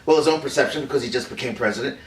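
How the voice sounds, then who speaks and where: A man playing a halting old filmmaker, far-off echoey mic. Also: mid-range voice, close to an everyday voice. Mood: hesitant. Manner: halting, hesitant, many fillers. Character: man playing a famed film director recounting secrets. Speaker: actor in a staged interview. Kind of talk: improvised interview acting. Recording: roomy echo from a distant mic with faint noise.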